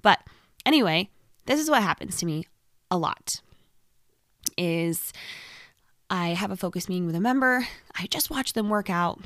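A young woman coaching fitness in a casual podcast talk, energetic and chatty, sometimes dropping to a whisper for emphasis. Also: mid-range voice, moderate pace, pauses often, no room sound, studio quality.

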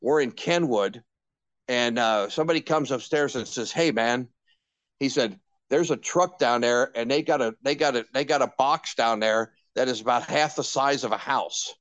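A man's voice: medium pitch, normal speed, no echo. An older man and veteran radio personality, telling candid stories in an interview, with many restarts and acted-out quotes. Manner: animated anecdotes with many restarts and quoted dialogue.

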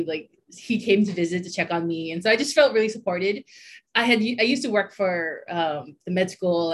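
A woman chatting casually on a podcast, telling a personal story with lots of fillers and frequent laughter. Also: fairly low pitch.

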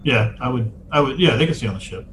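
A man's voice: medium pitch, animated, fast talker, a bit bright, slight background noise. A man playing a character in a tabletop game, casual and easygoing. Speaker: player.

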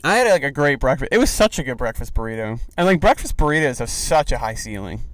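A man's voice: mid-range voice, big pitch swings, quick pace, dry recording. A young man hosting a casual solo podcast while driving, rambling and joking with lots of fillers. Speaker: podcast host. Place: car on the road. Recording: faint vehicle noise. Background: car driving noise.

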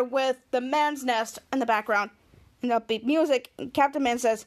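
High-voiced woman giggling through a recap. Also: moderate pace. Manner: rambling play-by-play narration, giggly. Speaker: podcast host. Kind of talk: casual podcast episode recap.

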